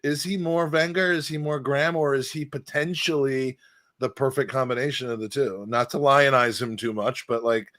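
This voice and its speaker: A man's voice: mid-range voice, steady tone, normal speed, fairly bright tone. A man hosting a podcast, talking in a rambling, hesitant, self-deprecating way. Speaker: podcast host. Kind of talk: casual podcast chat.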